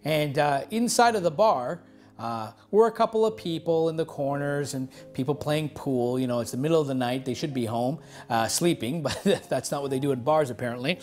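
A male pastor telling a story in a sermon, halting often with fillers and restarts. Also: a little high, darkish tone, faint music behind.

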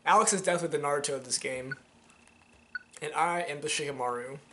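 A young Georgia man with a fairly high, fast, pushed and bright voice rambles casually and profanely about the game he's playing, full of fillers. He's a let's play host on a headset mic, with a little hiss or hum in the audio.

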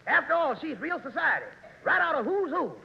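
A flustered character who rushes out urgent warnings in a high, gravelly voice. The old broadcast is hissy and dull, with a long hall echo. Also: male voice, very animated, heavily acted. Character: flustered man warning about a guest. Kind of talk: 1940s radio comedy acting.

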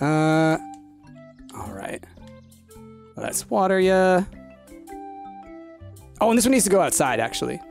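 Lively playful man gaming. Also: a little high, unhurried, creaky, pauses often, faint music behind. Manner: chatty, laughs often, playful. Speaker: gaming video host. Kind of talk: casual gameplay chat.

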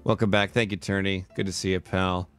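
A man's voice: low-pitched, little pitch movement, a little fast, a bit bright, clear, resonant tone. A man hosting a casual live stream, tired but upbeat and chatty, laughing often as he thanks subscribers one by one. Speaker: livestreamer. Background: faint background music.

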